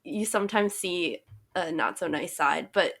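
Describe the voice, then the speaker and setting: A woman's voice: fairly low pitch, unhurried, fairly bright tone. A young woman co-hosting a podcast, chatting casually and wryly with lots of filler words. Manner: laid-back, wry, lots of "like" fillers. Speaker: podcast co-host. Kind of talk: casual chat.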